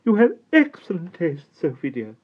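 A man's voice: high-pitched, huge pitch swings, normal speed, pitched above the performer's own voice, full character voice. A man voicing a gracious, chatty duchess in a genteel, airy way. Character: gracious grand old duchess, woman, chatty. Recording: tinny phone-like sound.

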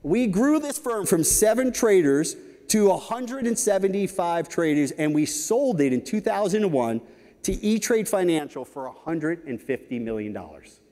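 A man in his fifties giving a conference talk, telling lively anecdotes with frequent "right?" asides. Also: sits high, moderate pace. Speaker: keynote speaker. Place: large conference hall stage. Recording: reverberant conference hall.

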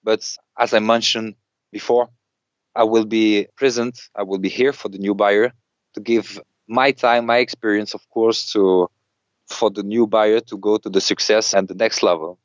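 A man's voice: on the low side, steady tone, normal speed, dry recording, dull audio. A man with a French accent, a native French speaker, answering interview questions about the business he is selling, searching for his words in English. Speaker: business seller.

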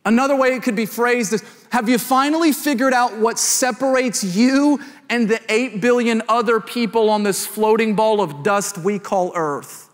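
A man in his thirties, a pastor, telling a humorous family story in a sermon, with lively quoted voices. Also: extremely high pitch, moderate pace, hardly any pauses. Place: large church hall. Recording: long hall reverb.

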